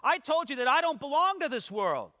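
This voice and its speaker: A preacher voicing a firm, unshaken teacher. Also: male voice, extremely high pitch, big pitch swings, fairly quick, sharp tone, pitched above the performer's own voice, heavily acted. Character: calm, firm male teacher answering a ruler. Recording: long hall reverb.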